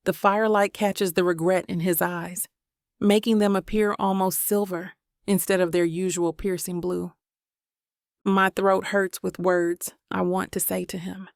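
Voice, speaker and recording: A woman narrating a first-person romance audiobook in a calm, even storytelling manner. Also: on the low side, unhurried, gravelly, no room sound, studio quality.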